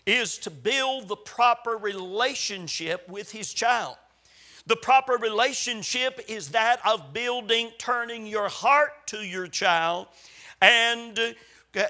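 A man preaching a sermon, slow and emphatic, asking the congregation to read along aloud. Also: high voice, bright, forceful tone. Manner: slow, emphatic preaching with call-and-response readings. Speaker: pastor.

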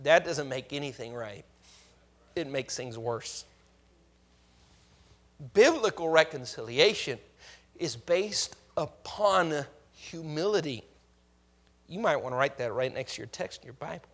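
A man preaching a sermon in a dramatic way, swinging from loud to hushed and acting out the voices he quotes. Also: a little high, expressive, a little slow, long pauses.

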